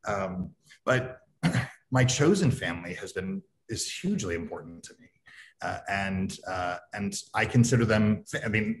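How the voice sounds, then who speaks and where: A man's voice: fairly low pitch, expressive. A man hosting an event, giving casual spoken remarks that halt often with ums and uhs. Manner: halting, many ums and uhs. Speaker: event host.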